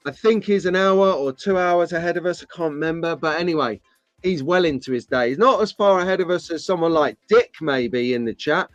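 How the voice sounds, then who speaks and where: A man's voice: on the high side, a little fast, dry recording, faint music behind. Chatty man hosting a live stream. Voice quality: chatty, jokey, rambling. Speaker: host of a live slot car stream. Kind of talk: casual live-stream chat greeting viewers.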